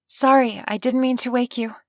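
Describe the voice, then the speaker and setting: A woman's voice: fairly high pitch, steady tone, moderate pace, no echo, studio quality, close to an everyday voice. A woman voicing an anxious, flustered young woman, her lines lifted, eager and nervous in an audiobook.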